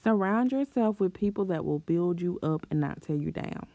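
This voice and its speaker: A woman's voice: on the low side, expressive, moderate pace, vocal fry, warm tone, no room sound. A young woman vlogger giving self-esteem advice in a chatty, encouraging way, often breaking into laughter and playful exclamations. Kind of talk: casual advice talk to camera.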